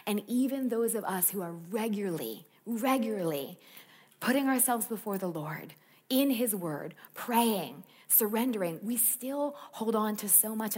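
A woman preaching at a camp, switching between chatty, animated storytelling and quiet, earnest reflection. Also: mid-range voice. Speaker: camp speaker. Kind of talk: sermon.

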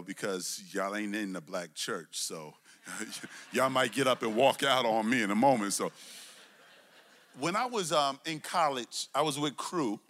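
A middle-aged man from Brooklyn, preaching a sermon with call-and-response, swinging between loud emphasis and low asides. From Brooklyn, New York. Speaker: pastor.

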